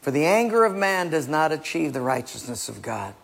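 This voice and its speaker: A man preaching a sermon with a gravelly, husky voice, acting out scenes in changing voices. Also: a little high, very animated, a little fast, fairly bright tone. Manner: acts out biblical and household scenes in shifting voices. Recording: long reverb of a large hall.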